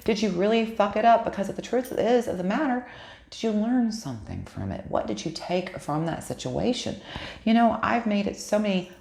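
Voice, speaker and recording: Low-voiced woman tarot reader, casual, excitable, swears freely, talks straight to her viewers. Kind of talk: casual tarot card reading.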